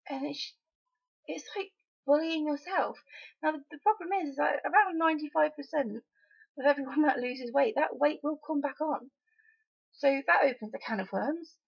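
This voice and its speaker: Young woman vlogger from Wales, blunt and exasperated, somewhat high voice with gravelly fry, dull lo-fi home recording. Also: moderate pace. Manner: frank, exasperated, emphatic. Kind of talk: casual opinion vlog.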